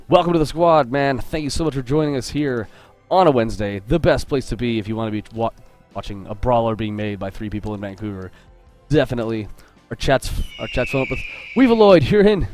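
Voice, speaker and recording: His medium-pitched voice has a darkish tone as he draws live for viewers, greeting them and joking with upbeat, self-interrupting chatter. He's a game artist making casual stream talk while he sketches.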